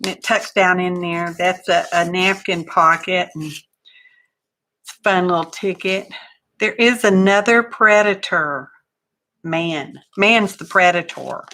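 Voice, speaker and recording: A woman's voice: on the low side, fairly even intonation, a little slow, bright, forceful tone. A woman hosting a casual live craft stream, chatty and folksy, greeting viewers by name. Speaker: crafting livestream host.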